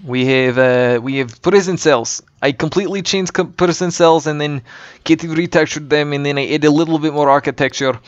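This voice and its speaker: A man talks through a map he is building in a put-on Russian accent, full of ums and dropped words. His voice is smooth and mid-pitched. The recording is dull and lo-fi, with a dry, close sound. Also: moderate pace, no room sound. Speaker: map maker. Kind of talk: casual game map walkthrough.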